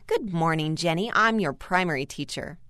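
A woman voicing a cheerful, persistent mother who gently encourages children at church, in a read-aloud story. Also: lowish voice, expressive, moderate pace, clean tone, no room sound, studio quality.

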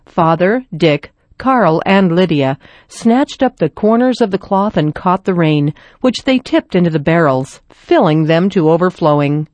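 Gentle woman reading a storybook. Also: lowish voice, expressive, measured pace, hardly any pauses, no echo. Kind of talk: scripted story narration.

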